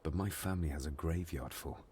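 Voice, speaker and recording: A brooding, troubled young man in a video game. His voice sits very low, earnest and quietly anxious, with faint ambience behind it. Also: fairly quick, slight background noise. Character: troubled young man uncovering dark family secrets.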